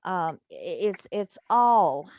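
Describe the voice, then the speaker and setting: A woman's voice: on the low side, sing-song, slow pace, a little mellow, dry recording. Woman on a group call, thoughtful, lots of ums, dry sound. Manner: reflective, hesitant with many fillers. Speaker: member of an online business group. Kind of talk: casual group video call.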